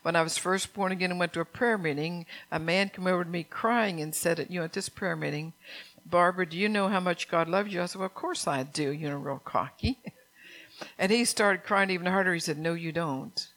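A woman's voice: on the low side, brisk, a bit bright. An older woman preaching an earnest sermon, reading scripture aloud and asking her congregation questions.

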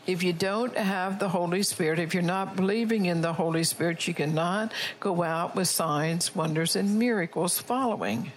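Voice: medium pitch, moderate pace, few pauses, a little hiss or hum, rough recording. A preacher delivering a sermon, reading prophecy and scripture aloud and checking in with the congregation. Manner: reads prophecy and scripture aloud, often checks in with "all right?".

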